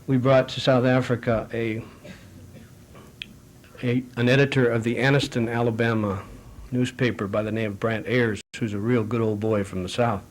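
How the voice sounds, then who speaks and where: A middle-aged man speaking at a foreign affairs forum, answering audience questions in a measured, anecdotal way with frequent restarts. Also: medium pitch, a little hiss or hum.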